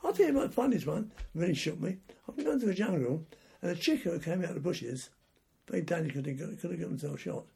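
Gravelly, raspy old man telling war stories. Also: a little high, lively intonation, fast, darkish tone. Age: older. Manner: rambling anecdotal telling with restarts. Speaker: war veteran interviewee. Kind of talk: oral history storytelling.

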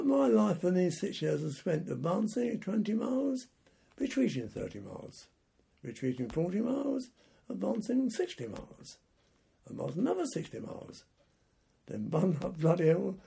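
Gravelly, raspy old man telling war stories. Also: sits high, sing-song, normal speed, mellow. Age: older. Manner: rambling anecdotal telling with restarts. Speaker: war veteran interviewee. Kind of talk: oral history storytelling.

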